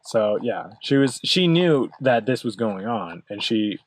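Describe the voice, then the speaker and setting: A man's voice: fairly low pitch, very animated, a little slow, no echo. A man ranting through a commentary video, insistent and profane, with a rambling delivery full of fillers. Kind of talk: ranting commentary over card images.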